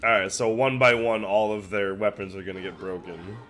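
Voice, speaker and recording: A man hosting a reaction video, chatting casually, excitable, laughing often and swearing freely. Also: fairly low pitch, moderate pace, a faint crowd.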